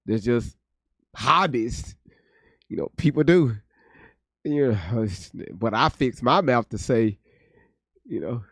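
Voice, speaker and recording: A man's voice: mid-range voice, expressive, slow, vocal fry, long pauses, fairly bright tone, breathy edge, dry recording, clean studio sound. A man hosting a reaction video, ranting bluntly with plenty of profanity. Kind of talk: casual commentary.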